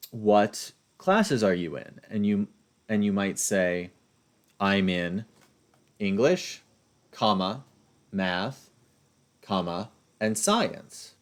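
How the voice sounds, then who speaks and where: A man's voice: fairly low pitch, a little mellow. A man lecturing as a writing instructor, explaining through examples and often checking in with a rhetorical "right?".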